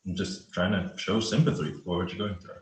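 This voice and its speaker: A man playing a deep-voiced, remorseful young cop. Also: steady tone, a little mellow, natural voice. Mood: tender. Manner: halting, stammering apologies. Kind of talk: play reading over video call. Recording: echoey room.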